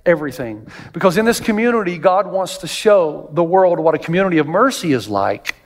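A male pastor preaches a sermon at a brisk pace in a high, lively voice, slipping in jokes. Whenever he quotes someone, his pitch climbs sharply and he gets loud. A long reverb suggests a large hall.

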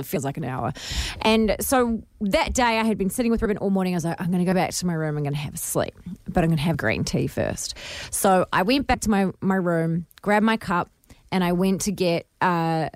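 Young kiwi woman on the radio, telling a story all animated, dry close mic. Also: lowish voice, no room sound. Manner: animated storytelling, acts out her own screams. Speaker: radio co-host. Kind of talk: casual radio chat.

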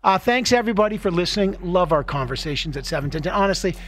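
A man's voice: high voice, animated, fast talker, a bit bright. A man hosting a call-in talk radio show, bantering playfully with callers and laughing often.

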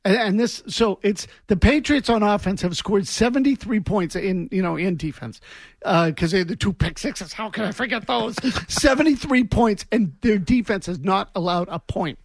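A sports radio co-host argues his case with emphatic disbelief. His voice runs high. The studio sound is dry. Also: moderate pace, no echo. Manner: emphatic, incredulous. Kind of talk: call-in sports radio chat.

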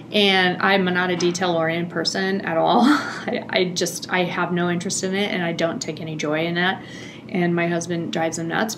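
A middle-aged woman telling a personal family story in a chatty, animated way, laughing often. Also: mid-range voice, slight background noise. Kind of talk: casual storytelling.

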